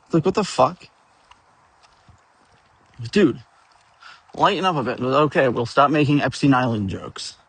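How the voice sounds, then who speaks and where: A man's voice: mid-range voice, lively intonation, unhurried, long pauses, a bit bright, husky, dry recording. A man telling a rambling, profane story about his tabletop game, chuckling now and then as he goes. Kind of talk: rambling casual storytelling rant.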